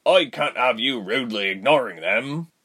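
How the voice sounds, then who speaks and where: A man voicing a stern middle-aged innkeeper who is a father, speaking slowly and firmly. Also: medium pitch, animated, pushed and bright. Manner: slow, firm, scolding.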